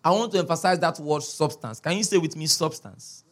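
A man's voice: on the high side, fairly quick. A man preaching a sermon as a pastor, emphatic, repeating key words and checking in with his listeners.

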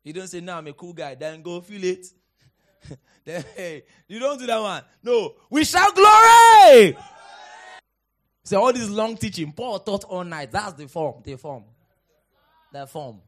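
High-voiced preacher man shouting scripture. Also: animated, unhurried. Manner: swings from hushed teaching to shouted exhortation; dramatic archaic scripture quoting. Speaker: pastor. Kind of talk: sermon.

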